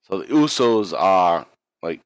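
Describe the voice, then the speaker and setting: Sitting low and taking his time, this man has a clear, resonant tone with no room sound. He co-hosts a podcast and relates a wrestling story in loose chat, swearing freely and dramatizing the quotes with animation.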